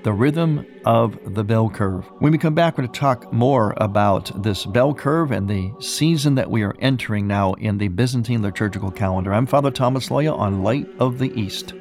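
A man's voice: on the low side, normal speed, hardly any pauses, a little mellow, soft background music. A man, a priest hosting a radio program, giving a reflective teaching talk and often repeating phrases as he builds a point.

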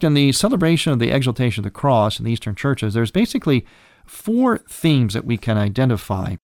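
A man teaching about church feasts in a measured, explanatory way, often restarting a phrase as he works out his wording. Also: mid-range voice, a little mellow, no echo, clean studio sound. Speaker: religious teacher. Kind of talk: explanatory religious lecture.

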